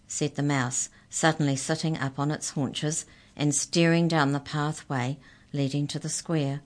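A woman reading a children's storybook aloud in a gentle, expressive narrating voice. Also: sits low, unhurried.

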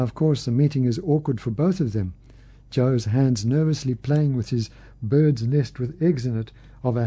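A man giving a literature lecture, reading passages aloud in a measured, unhurried way with small slips. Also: mid-range voice, mellow.

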